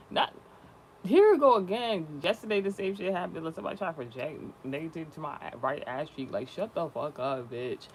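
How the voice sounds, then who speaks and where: A young man talks straight to his viewers in a loose, rambling vlog manner. He peppers his slangy talk with swearing and runs on from one thought to the next. His voice sits a bit high, with a faint hiss behind it. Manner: profane, slangy, chatty and rambling. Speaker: spiritual content creator.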